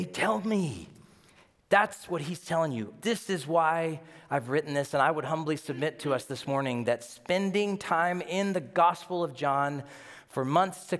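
A man preaching as senior pastor, with a fairly high voice that carries a long reverb through the church hall. He tells his stories with animation and jumps into the voices of the people in them. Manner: animated storytelling, acting out quotes. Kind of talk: sermon. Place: church sanctuary.

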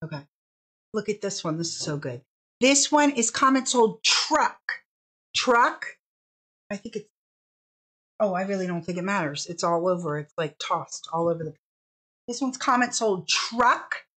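A woman's voice: mid-range voice, lively intonation, measured pace, long pauses, a bit bright, husky. A woman hosting a casual live fabric sale stream, bubbly and chatty, stretching out each product name as she shows it.

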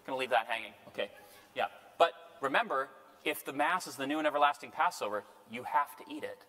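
A man's voice: medium pitch, animated, fast talker, bright, forceful tone. A male priest giving a conversational Bible study lecture, checking in with his listeners as he goes. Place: parish lecture room. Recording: long hall reverb.

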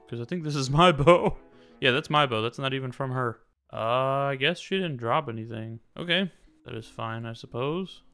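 Young male gamer, chatty and smooth-voiced with some vocal fry, keeps up a running commentary over soft background music. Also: mid-range voice. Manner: chatty, talks to the game characters, quick swings to loud surprise. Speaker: gaming YouTuber. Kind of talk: casual let's-play commentary. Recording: faint music behind.

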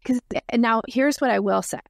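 Gravelly-voiced woman coaching on sales. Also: a little high, moderate pace, no room sound, studio quality. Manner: energetic, explains with role-played sales dialogue. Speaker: sales expert guest. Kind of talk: podcast interview.

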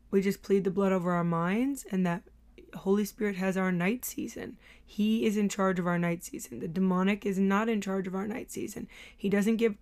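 A woman's voice: medium pitch, a little mellow. A woman giving a devotional teaching talk in an earnest, hesitant way, with many filler sounds. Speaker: Christian teacher.

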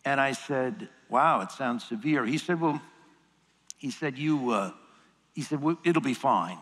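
A man's voice: mid-range voice, expressive, unhurried, a bit bright. A man speaking at a workshop, telling a family story with self-deprecating humor and acting out the dialogue. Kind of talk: storytelling talk. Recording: long hall reverb.

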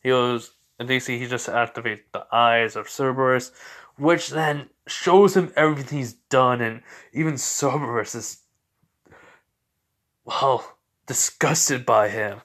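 A man's voice: mid-range voice, a little slow, fairly bright tone. A man casually retelling a fan story, rambling and correcting himself as he goes.

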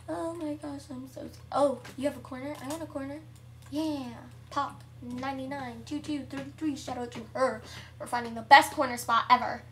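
Excitable high-voiced young gamer girl. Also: normal speed, recorded from a distance, a little hiss or hum. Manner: excitable, chatty, shrieks at game events. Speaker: gameplay vlogger. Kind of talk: casual gameplay commentary.

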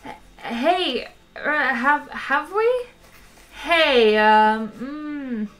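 A woman's voice: a little high, sing-song, moderate pace, pushed and bright, voice pushed up. A woman reading aloud, voicing a flashy, breezy two-headed alien man who talks casually and dodges questions. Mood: flustered. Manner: casual, evasive drawl.

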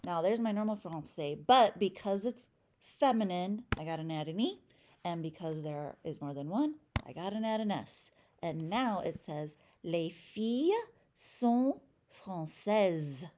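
An American woman teaches a French class, upbeat and chatty, slowing right down to drill each word and spell it out. Her pace is unhurried and there is a faint hiss under the recording. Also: lowish voice, lively intonation, mellow. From United States.

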